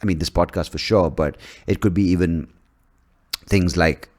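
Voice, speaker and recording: Male podcast host, lowish voice, casual solo monologue, rambling, swears a lot, animated pitch jumps. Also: normal speed. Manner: rambling and profane, with frequent restarts.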